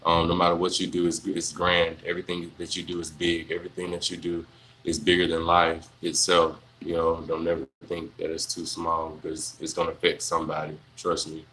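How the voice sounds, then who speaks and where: A young man, chatting casually on a livestream, answering viewers in a relaxed, rambling way full of fillers. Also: low-pitched, a little fast, a little hiss or hum, rough recording. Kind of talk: casual live Q&A chat.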